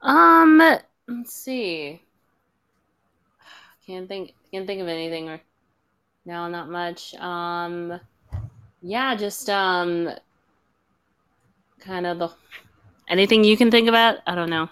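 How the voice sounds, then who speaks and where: A woman co-hosting a casual live chat show, speaking slowly and mostly giving agreeable short replies. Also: fairly low pitch, a bit bright, smooth. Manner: slow, agreeable back-channel replies. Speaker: podcast co-host.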